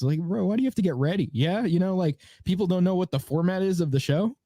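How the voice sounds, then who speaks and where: A man's voice: high voice, fast talker, few pauses, mellow, dry recording, clean studio sound. A young man co-hosting a podcast in casual chat, rambling with fillers and laughing often. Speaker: podcast co-host.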